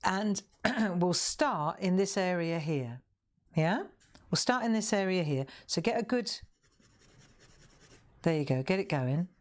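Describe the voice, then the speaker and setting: Low-voiced chatty woman. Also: expressive, slow, pauses often. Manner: chatty, encouraging, talks straight to viewers. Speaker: craft show host. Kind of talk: live colouring demonstration.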